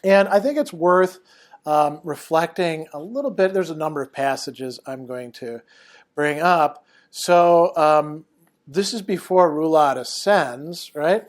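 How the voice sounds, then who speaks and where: Guy lecturing online, lots of ums, slightly high voice. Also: unhurried. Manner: hesitant, many fillers, thinking aloud.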